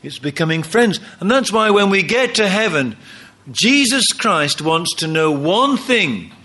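A man's voice: high voice, lively intonation, measured pace, sharp tone. A man preaching a sermon, emphatic, often acting out quoted lines.

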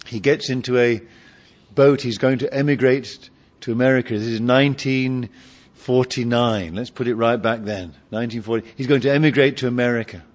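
A man preaching a sermon, climbing to loud emphatic peaks and dropping to quiet, low asides. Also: fairly even intonation, moderate pace. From Britain. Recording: dull lo-fi sermon recording.

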